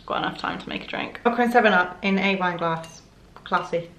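A woman's voice: on the low side, fairly quick, fairly bright tone, a little hiss or hum. A young woman, chatting casually and self-mockingly as she gets ready on camera. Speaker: beauty vlogger. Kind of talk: casual vlog chat. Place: home bedroom at a mirror. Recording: echoey room.

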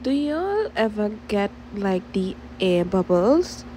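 A woman's voice: mid-range voice, very animated, takes it slowly, heavy background noise. A young woman from Trinidad with a Trinidadian accent, chatting casually and rambling to her viewers as a vlogger. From Trinidad and Tobago. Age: young adult.

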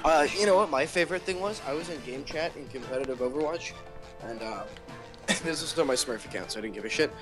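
A man telling gaming stories to a friend, animated and swearing freely. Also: fairly high pitch, brisk, music in the background. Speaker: friend joining the stream. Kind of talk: casual gaming chat.

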